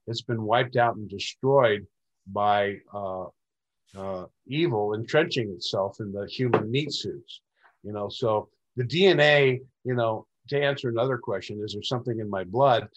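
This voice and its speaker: A man's voice: mid-range voice, muffled recording. Male interview guest, rambling storyteller who acts out quoted dialogue. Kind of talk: recounting personal experiences.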